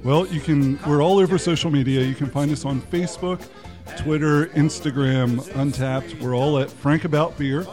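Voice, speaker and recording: A man guesting on a podcast as a beer reviewer, telling stories in a relaxed, halting way. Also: fairly high pitch, soft background music. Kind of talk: casual chat while tasting beer.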